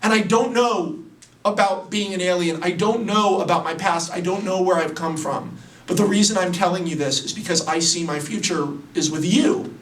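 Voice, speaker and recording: A man's voice: high-pitched, normal speed, distant mic, slight background noise, natural voice. A man voicing an earnest, awkward young male superhero who stammers sincerely. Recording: roomy, away from the mic.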